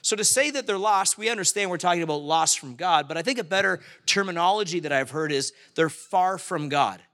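A man in middle age delivers a sermon in a chatty, storytelling manner, acting out what people said. His voice sits a little high and sounds bright and forward. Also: brisk. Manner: conversational preaching, acts out quoted voices. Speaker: pastor.

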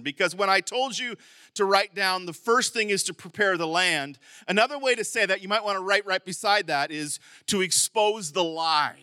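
Male pastor, middle-aged, preaching, high bright voice, dry close sound, emphatic bursts. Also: moderate pace, no room sound. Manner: stumbles and repeats words at times. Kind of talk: sermon.

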